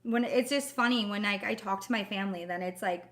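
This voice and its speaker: A woman's voice: mid-range voice, a little fast, a crowd in the background. A woman in her thirties with a Wisconsin accent, chatting casually as co-host of a live stream. She tells stories in a loose, easy way and laughs often. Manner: chatty, storytelling, laughs easily. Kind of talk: casual chat.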